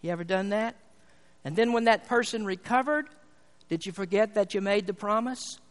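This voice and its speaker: High-voiced preacher in an echoing hall. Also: male voice, normal speed. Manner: emphatic preaching with rising, repeated phrases. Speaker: pastor. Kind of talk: sermon. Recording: long reverb of a large hall.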